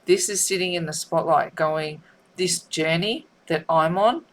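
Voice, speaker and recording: A woman, a tarot reader talking in a heartfelt, tearful way, often halting and repeating herself. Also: fairly low pitch. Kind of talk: emotional spiritual vlog.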